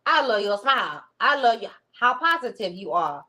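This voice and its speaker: A woman voicing a lovesick woman gushing over her man, in an overdramatic, swooning, drawn-out way. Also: on the high side, big pitch swings, bright, forceful tone, pitched above the performer's own voice.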